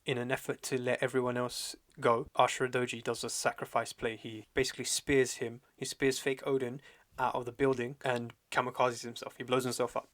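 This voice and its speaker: Young guy on a podcast, slangy casual chat, lots of likes and restarts, medium pitch. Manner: slangy, animated retelling with lots of fillers and restarts. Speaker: podcast host reviewing a manga chapter.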